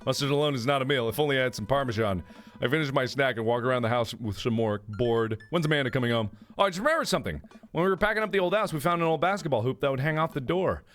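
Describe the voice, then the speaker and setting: Goofy, lively man reading game text. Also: medium pitch, rapid-fire. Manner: goofy, playful, breaks into silly singing and voices. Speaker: gaming video host. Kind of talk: let's play, reading game text aloud.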